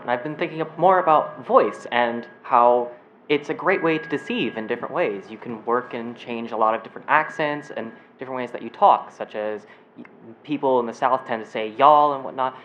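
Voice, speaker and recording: A woman's voice: extremely low pitch, expressive, brisk, slight background noise. A woman in the audience asking the panel a question casually. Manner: casual, uses filler phrases. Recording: dull convention audio.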